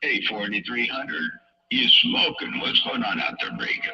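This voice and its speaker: A man's voice: mid-range voice, lively intonation, measured pace, highs cut off, noisy background. Rambling man on staticky CB radio. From California. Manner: rambling, drawling, heavy on CB slang. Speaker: CB radio operator. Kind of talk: casual radio chat. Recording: staticky distant CB radio sound.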